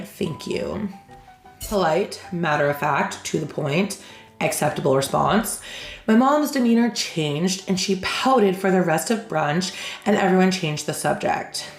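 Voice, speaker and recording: A woman hosting a reaction channel who reads aloud and tells stories casually, frank and animated, acting out the people she quotes. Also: fairly low pitch. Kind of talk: reading aloud then casual storytelling. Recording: echoey room with faint music.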